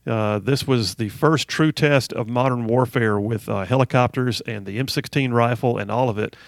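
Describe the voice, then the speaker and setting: A man's voice: medium pitch, normal speed, creaky, dry recording. A male radio talk show host in a studio, delivering an emphatic monologue and repeating phrases for emphasis. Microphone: studio microphone.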